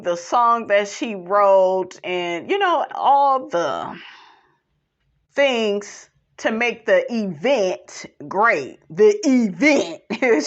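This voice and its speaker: A sassy woman hosts a recap podcast, her voice swinging widely in pitch while she takes her time. She laughs often and throws in "honey" between lines, caught on a dull, lo-fi recording. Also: a bit bright. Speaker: podcast host recapping a reality show. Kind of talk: casual recap chat.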